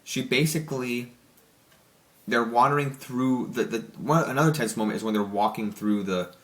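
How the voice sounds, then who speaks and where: Excitable young man rambling through a review. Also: mid-range voice, moderate pace. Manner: rambling, excited, many restarts and "like" fillers. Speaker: film reviewer. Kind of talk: casual spoken movie review.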